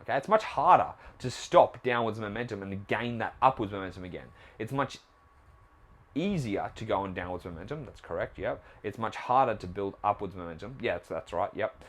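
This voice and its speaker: A man's voice: fairly low pitch, animated, a little fast, fairly bright tone. Blunt, swearing male fitness podcaster. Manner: blunt, swears often, asks rhetorical questions. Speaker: podcast host and trainer. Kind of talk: casual motivational monologue.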